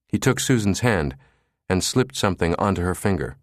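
A man narrating an audiobook in a measured, even storytelling manner, close to a studio mic. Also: sits low, no room sound.

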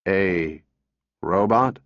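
Man voicing a monotone storybook robot, deliberate and low, dull audio. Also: dry recording. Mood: confused. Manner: slow, halting, toneless. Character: flat monotone talking exhibit robot. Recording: dull dry recording.

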